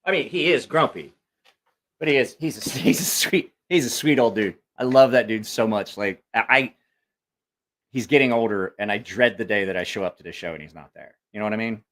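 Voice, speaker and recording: A man's voice: lowish voice, fairly quick, fairly bright tone. A man hosting a casual livestream and telling a rambling, profane story full of quoted voices. He has a school-age kid. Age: adult with school-age child. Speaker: livestream host.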